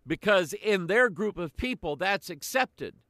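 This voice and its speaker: Older male preacher, slow, measured delivery, higher-pitched voice, dry close sound. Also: expressive, pushed and bright, dry recording. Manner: slow, deliberate preaching with pauses. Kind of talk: sermon.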